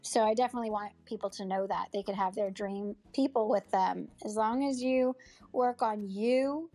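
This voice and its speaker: A woman actor and acting coach is interviewed as a guest in a casual chat over an audio chat app, in an audio chat room. She's earnest and heartfelt, moved close to tears, rambling with fillers and restarts. Her voice is medium-pitched and mellow, at a moderate pace.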